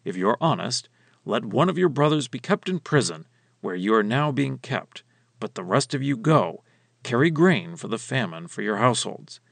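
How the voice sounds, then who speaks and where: Man reading as a stern powerful ruler, gravelly, lively pitch. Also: normal speed, no room sound. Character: stern powerful male ruler testing strangers. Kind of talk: scripture reading.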